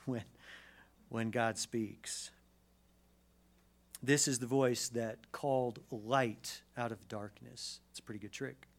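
A pastor preaching a sermon, swinging between loud emphatic declarations and quiet, low asides. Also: male voice.

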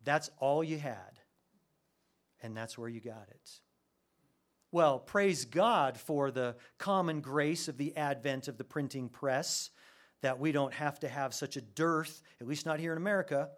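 A man preaching a sermon, animated, with his voice rising sharply when he gets excited. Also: a little high, measured pace. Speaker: pastor.

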